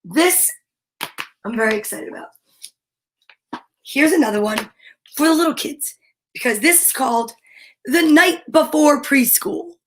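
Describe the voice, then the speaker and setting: For an audience of young children, a woman with a high-pitched voice reads picture books informally, pausing for upbeat asides between pages and easing into a slow, lilting cadence for rhymes. A little hiss or hum is audible.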